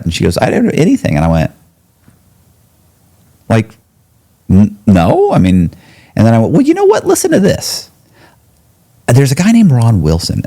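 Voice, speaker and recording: A man telling a story as a podcast guest in casual talk, animated, and he jumps up high when he quotes people. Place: podcast studio.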